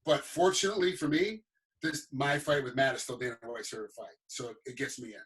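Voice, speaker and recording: Over crowd noise, a middle-aged former fighter chats as a guest, his mid-range voice moving fairly quickly. He tells stories animatedly, acting out the voices of the people he quotes.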